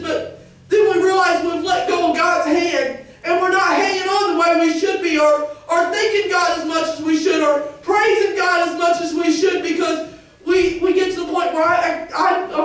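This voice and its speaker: A woman with a Southern Illinois accent giving an earnest church testimony, halting and restarting, rising into fervent cries. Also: very high-pitched, fairly even intonation, distant mic. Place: church sanctuary. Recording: very echoey church, recorded from afar.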